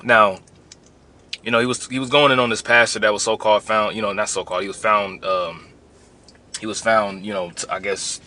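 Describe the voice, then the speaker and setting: Bright-voiced low man teaching a lesson. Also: fairly even intonation, a little fast. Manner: rambling, conversational, builds to heated emphasis. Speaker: camp teacher giving a recorded lesson. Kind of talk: informal religious lesson.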